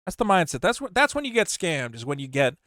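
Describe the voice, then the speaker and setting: A middle-aged man tells a story about himself in a loose, casual monologue, frank and self-mocking, stumbling and restarting as he goes. His voice sits a little high for a man and comes across smooth and clean. The sound is close and dry, with no room around it. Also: big pitch swings, quick pace, fairly bright tone, no room sound. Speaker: channel host.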